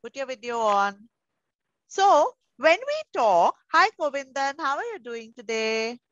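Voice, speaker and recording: Through muffled video call audio, a woman with an Indian English accent teaches pre-school children online. Her high voice is very animated at a measured pace, the recording dry, and she coaxes the kids warmly, calling them darling.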